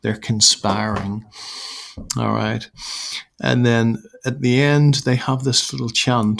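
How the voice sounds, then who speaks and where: A man teaching a literature lesson, explaining the text step by step with a croaky voice and frequent restarts. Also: medium pitch, steady tone, takes it slowly, fairly bright tone. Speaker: English teacher. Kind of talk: recorded lesson explaining a play.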